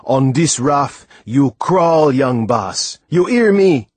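A man voicing an old sailor, gruff but protective, with loud, drawn-out dialect speech. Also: medium pitch, steady tone, no room sound, lightly acted. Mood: angry.

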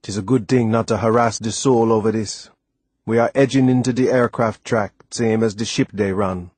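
A man's voice: lowish voice, steady tone, normal speed, darkish tone, slightly rough, no echo. A man reading a storybook, voicing an old sailor from the with a lilting dialect and an earnest manner. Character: old West Indian sailor, calm, devoted.

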